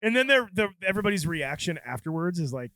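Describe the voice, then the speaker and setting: A man's voice: sits high, big pitch swings, quick pace, music in the background. A man co-hosting a movie podcast, giggly and profane, mimicking lines from the film. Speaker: podcast co-host. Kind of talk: casual movie chat.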